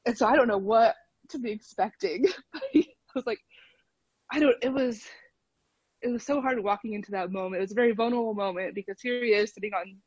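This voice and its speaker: A woman's voice: a little high, fairly quick, breathy edge, no room sound, muffled recording. A woman guest on a podcast, chatting casually and laughing often as she tells a story over a call. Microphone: phone call.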